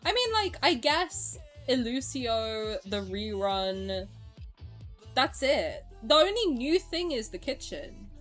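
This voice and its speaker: A woman streamer casually chatting with her viewers and reacting to their comments. She is excitable, swears freely and laughs often. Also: a little high, slow, faint music behind.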